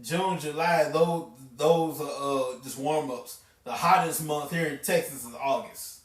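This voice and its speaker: A man co-hosting a relaxed podcast. His slightly raised voice comes across easygoing. It sounds roomy and set back from the microphone. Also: a little high, measured pace. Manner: laid-back, wraps up the show. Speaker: podcast co-host. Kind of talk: casual chat. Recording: echoey room, distant mic.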